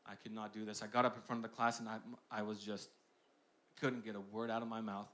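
A young man preaching a sermon, shifting between hushed personal storytelling and loud, emphatic declarations with lots of repetition. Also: lowish voice, level tone, fairly quick.

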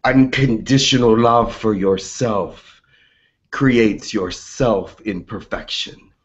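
Slow, low-voiced man on a call. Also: lo-fi sound.

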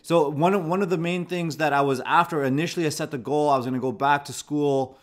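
A man's voice: a little high, fairly even intonation, fast talker. A man in his thirties, a channel host, reflectively telling a personal story to camera in a conversational way, often restarting his phrases. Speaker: host of a channel about anxiety.

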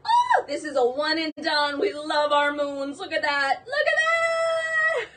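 A woman hosting a live jewelry sale stream, gushing and excitable, exclaiming over each piece. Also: high-pitched, a little slow, far from the mic.

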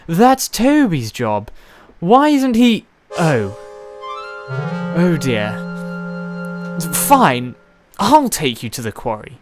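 Fussy prim lady railcar, high and huffy, swooping lively pitch, put on by the reader. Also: drawn-out words, long pauses, over music, full character voice. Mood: snappy.

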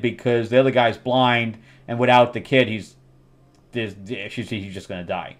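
A man's voice: mid-range voice, fairly even intonation. A middle-aged man hosting a casual comic book review, recapping the plot loosely with fillers and acting out quotes. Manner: rambling recap with fillers and quick acted quotes.

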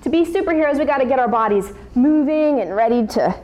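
A woman teaching a yoga class to children in a bright, coaxing, encouraging way. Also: high-pitched, expressive, fast. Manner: upbeat, coaxing, talks to children. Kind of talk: guided kids yoga class.

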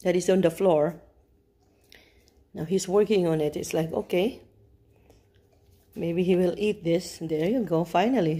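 A woman's voice: lowish voice, unhurried, long pauses, mellow. A woman vlogging at home at night, chatting casually and cooing baby talk to her dogs. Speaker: vlogger filming her pets. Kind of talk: casual chat.

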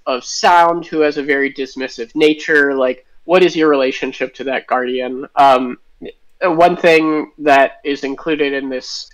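Man, interview guest, mid pitch, enthusiastic, wandering answers. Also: fairly bright tone, low-quality recording. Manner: enthusiastic, thinks aloud with tangents. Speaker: guest game designer.

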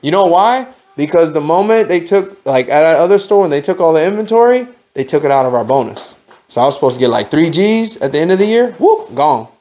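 A man preaches a testimony at a home fellowship gathering, his voice sitting a little high for a man. He tells it in a lively, slangy storyteller's way, acting out each person's lines as he goes. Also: fast talker. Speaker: lay preacher. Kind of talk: testimony sermon.

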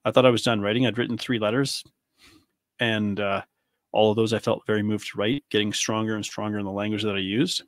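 A man in his thirties speaks in a fairly low voice, hurling pointed rhetorical questions one after another. His delivery is angry and impassioned, a host's monologue recorded close and dry with no room sound. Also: level tone, fairly quick, no echo. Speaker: podcast host.

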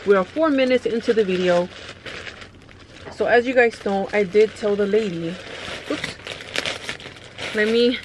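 A woman's voice: medium pitch, unhurried, pauses often, slight background noise, poor audio. Gushing young woman unboxing vlog. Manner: gushing, excitable, chatty, addresses viewers directly. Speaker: beauty vlogger. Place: home, by her mirror.

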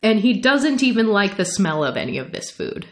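A woman's voice: medium pitch, sing-song, normal speed. Giggly woman recapping a novel. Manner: laughs often while recapping, reads passages aloud. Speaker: podcast co-host. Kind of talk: casual book discussion podcast.

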